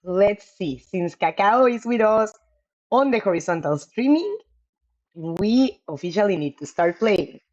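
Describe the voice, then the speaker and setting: A woman streaming a video game live, chatting casually with her viewers, apologetic and quick to laugh. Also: medium pitch, animated, a little mellow, dull audio.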